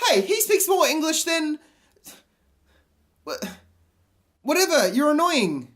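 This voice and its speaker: A man giving sarcastic, comedic commentary on a game, with exasperated and deadpan asides. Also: extremely high pitch, slow pace.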